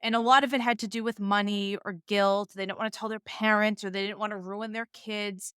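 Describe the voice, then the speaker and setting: A woman's voice: medium pitch, little pitch movement, brisk, a bit bright, clear, resonant tone, dry recording, studio quality. A middle-aged woman with a Boston accent, a divorce attorney telling her own story candidly as a podcast guest. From Boston area, US. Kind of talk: podcast conversation.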